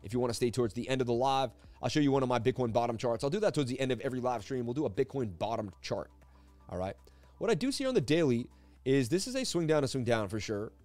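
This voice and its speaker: A man hosts a live stream and talks through market charts in a loose, rambling way, mixing analysis with jokes. He speaks at an ordinary pitch, and the sound is dry and close. Faint music sits underneath. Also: quick pace, no room sound. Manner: energetic, rambling, jokey. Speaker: crypto market analyst host. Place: seated at a desk indoors.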